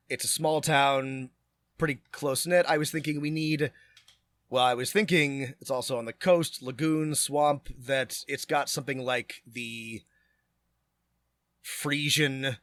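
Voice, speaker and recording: A man co-hosting a podcast, chatting casually and rambling through quick asides while planning a tabletop adventure. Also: mid-range voice, a bit bright, no room sound. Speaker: podcast co-host.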